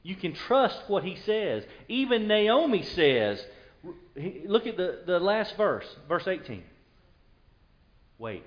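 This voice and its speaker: A man's voice: high voice, very animated, unhurried, muffled recording. A male pastor preaching a conversational sermon and retelling scripture in an everyday voice.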